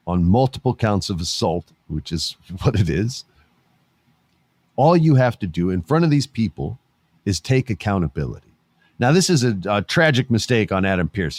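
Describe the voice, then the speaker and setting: Middle-aged male podcast host, low voice, dry close sound, animated and laughing. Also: no room sound. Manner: animated, laughs often, swears casually. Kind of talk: casual commentary.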